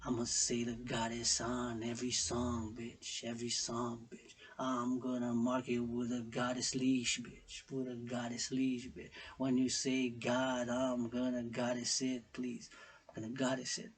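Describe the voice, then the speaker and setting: Brief: husky-voiced man, rambling spiritual vlogger, repeats phrases like chants, drops to whispers, bursts loud. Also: mid-range voice, completely flat delivery, unhurried. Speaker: self-styled priestess and vlogger.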